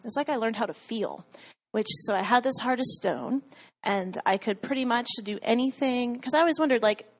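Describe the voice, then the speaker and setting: A woman telling her faith story in a casual way, full of "like" fillers and frequent laughs, acting out what she said and thought back then. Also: on the high side. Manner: chatty, many "like" fillers, laughs often, acts out her own past lines. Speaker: guest sharing a personal faith testimony.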